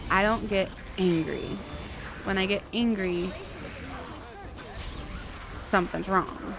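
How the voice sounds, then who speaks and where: A woman's voice: medium pitch, fairly even intonation, takes it slowly. A woman from the Pacific Northwest with a Pacific Northwest American accent, streaming a game from home and chatting casually with viewers in a rambling way, full of fillers and restarts. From Pacific Northwest, USA. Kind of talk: casual chat while gaming, answering chat. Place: home room with a fan.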